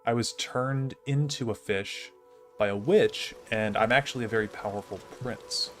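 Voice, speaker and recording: A man's voice: medium pitch, moderate pace, fairly bright tone, faint music behind, natural voice. A man voicing a talking fish, an enchanted prince, begging to be let go with a stammer. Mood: pleading.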